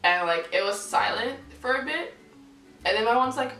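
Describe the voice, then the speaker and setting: A woman's voice: a little high, moderate pace, a bit bright, recorded from a distance. Young woman, candid vlog storyteller, swears freely, acts out quoted people, recorded roomy and off-mic with faint music. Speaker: vlogger. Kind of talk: casual storytelling to camera.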